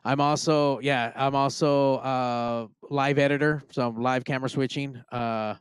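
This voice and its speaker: A man's voice: mid-range voice, steady tone, measured pace, clear, resonant tone, no room sound. A man appearing as a podcast guest, explaining his work in a laid-back, crude way. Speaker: podcast guest, live show director. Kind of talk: casual chat.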